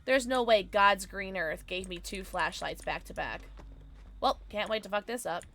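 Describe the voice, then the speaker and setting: A woman streamer chatting casually during a gameplay livestream, reacting loudly and reading chat aloud. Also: medium pitch, moderate pace. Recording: steady background noise.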